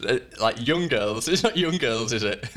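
Male podcast co-host, easygoing and chummy, mid-pitched, casual banter. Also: lively intonation, moderate pace, fairly bright tone. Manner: easygoing, chummy, laughs along, says "mate". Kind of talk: casual chat.

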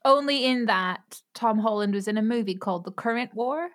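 An American woman co-hosting a podcast, easygoing and quick to laugh, with dry jokes. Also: on the high side. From United States. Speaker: podcast co-host. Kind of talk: casual chat.

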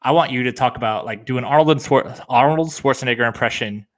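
A young man co-hosting a casual podcast, playful and quick with deadpan jokes. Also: mid-range voice. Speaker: podcast co-host.

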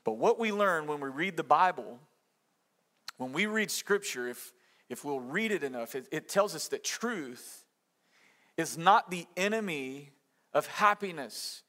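A man delivers a sermon with a high, bright voice that stays lively and direct. He speaks in a conversational way, leans hard on his points and keeps asking the room rhetorical questions. Now and then he acts out what people say. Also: a little slow. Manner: conversational and emphatic, with rhetorical questions and acted-out quotes. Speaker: pastor.

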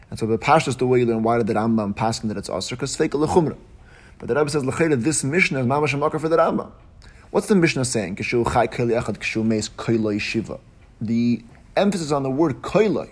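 Man giving a sing-song Talmudic lecture. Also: medium pitch. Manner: explains a text in a sing-song study cadence, rising sharply at key points. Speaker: Torah teacher.

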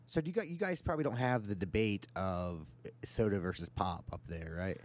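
A man's voice: on the low side, brisk, no room sound. A man in his forties from the United States, co-hosting a podcast in casual chat, hesitant and musing. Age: 40s. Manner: hesitant, musing, repeats words. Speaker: podcast co-host.

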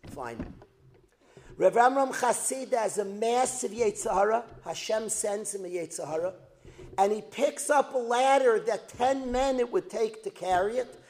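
A man teaching a religious lesson as a dramatic story, repeating phrases for emphasis and building to loud outbursts. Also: high voice, lively intonation, a little slow. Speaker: Torah teacher. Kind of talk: storytelling lecture.

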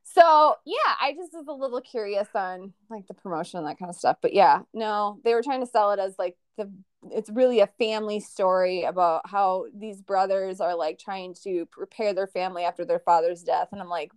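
A woman's voice: medium pitch, moderate pace, smooth, no echo. A young woman co-hosting a podcast, chatting casually and animatedly, with lots of laughter and filler words. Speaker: podcast co-host. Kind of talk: casual chat.

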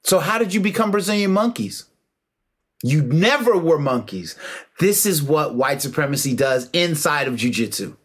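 A man delivering a heated, emphatic monologue with a slightly high voice. He lectures in a preachy, slangy way, pressing his points hard and slipping into mocking asides. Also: animated, moderate pace, husky. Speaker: martial arts commentator. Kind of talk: impassioned monologue.

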